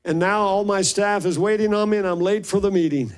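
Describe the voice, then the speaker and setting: A man voicing a hurried, apologetic woman surgeon. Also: high-pitched, clear, resonant tone, pitched above the performer's own voice, natural voice. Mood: flustered.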